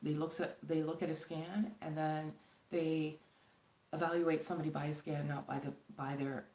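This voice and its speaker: A woman from Canada speaks on a casual live stream, earnest and pleading, with rambling sentences full of fillers. Her voice sits a little low, and it rings in an echoey room. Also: little pitch movement, normal speed, mellow. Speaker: spiritual channel host.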